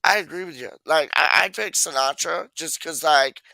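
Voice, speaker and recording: A male livestream host talks in a loose, rambling way, repeating phrases and dropping slang at every turn. His voice sits a bit high for a man and comes through dry, with almost no room sound. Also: normal speed, vocal fry, sharp tone, no echo. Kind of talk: casual chat.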